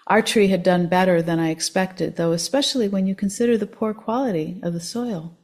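A woman voicing a tiny, cheerful old man in his seventies who talks in a gentle, delighted, easygoing way. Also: mid-range voice, fairly quick, lightly acted. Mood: chatty.

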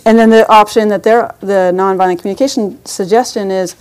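A woman's voice: medium pitch, fairly even intonation, fairly quick, few pauses, darkish tone, clear, resonant tone. A woman teaching a parenting class as a meditation teacher, talking conversationally with frequent restarts and light laughs.

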